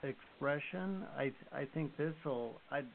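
Brief: male interview host, unhurried and halting, gravelly edge, tinny phone sound with faint hiss. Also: fairly high pitch. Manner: slow, hesitant, searching for words. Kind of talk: casual interview chat.

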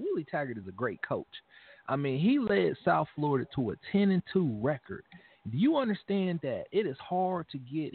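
A man co-hosting a casual sports talk show, animated and emphatic, often repeating phrases as he talks straight to fans. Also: a little high, husky. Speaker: podcast co-host. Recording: phone-like narrow sound.

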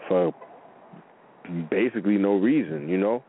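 A man's voice: on the low side, animated, a little slow. A man hosting a radio show, chatting casually with callers in a laid-back way full of fillers. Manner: laid-back, filler-heavy talk with frequent laughs. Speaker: radio host. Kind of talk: casual on-air chat with callers. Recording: phone-like narrow radio audio with faint noise.

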